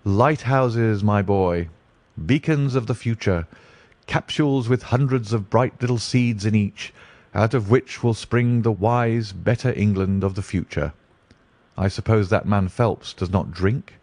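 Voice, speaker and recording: A brilliant, dreamy detective who weighs every word. A male reader plays him close to his own low voice. Deliberate, musing delivery, with a dry, close sound. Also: a little mellow, no room sound.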